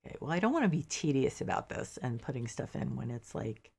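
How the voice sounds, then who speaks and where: A woman streamer with a low, gravelly voice chats casually with her viewers as she plays. She thinks aloud and drops mildly exasperated asides. She sounds a little sleepy. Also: sing-song, a little fast, a little mellow. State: sleepy, yawning. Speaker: game streamer. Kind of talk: casual gameplay commentary.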